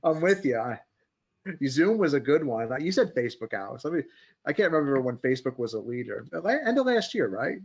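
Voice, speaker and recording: A man's voice: mid-range voice, very animated, fairly quick, gravelly, darkish tone. Man hosting a rambling market chat, slightly muffled. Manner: rambling, thinks aloud, asks co-hosts for input. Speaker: host of a markets podcast. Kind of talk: casual group chat about stock charts.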